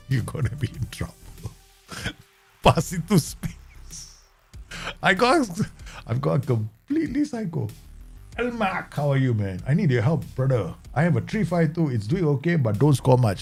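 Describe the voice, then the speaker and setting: A chatty man with a Southeast Asian English accent streams his management game, quick to laugh as he talks to his viewers. His voice is gravelly and swoops up and down as he talks. Faint game music plays under him. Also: medium pitch, sing-song, darkish tone. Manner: chatty, laughs easily, talks to himself and chat. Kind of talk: live game commentary.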